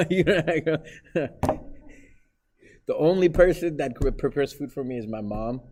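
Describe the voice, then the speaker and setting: A man's voice: on the high side, lively intonation, a little slow, background noise. A man teaching math in a classroom, lecturing live and teasing his students with jokes.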